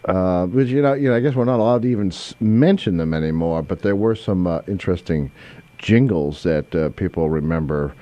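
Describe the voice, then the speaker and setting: A man's voice: sits low, expressive, a little fast, dark tone. A man hosting a call-in radio show, talking casually with many fillers and restarts. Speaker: radio host. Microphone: studio microphone.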